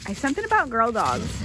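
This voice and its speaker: A woman's voice: huge pitch swings, normal speed. A woman chatting casually as she walks around her chicken coop, filming on her phone, often cooing to her animals. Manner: chatty, coos at animals in a high sing-song. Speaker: homesteading vlogger. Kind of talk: casual vlog chat. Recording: outdoor noise behind voice. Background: dogs and farm ambience.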